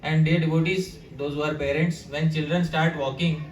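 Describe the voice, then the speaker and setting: Animated man giving a sermon in an echoey room. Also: fairly high pitch, normal speed. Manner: animated, addresses the audience with questions. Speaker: devotional speaker. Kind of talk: storytelling sermon. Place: living room at a house gathering. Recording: echoey room, distant mic, faint hiss.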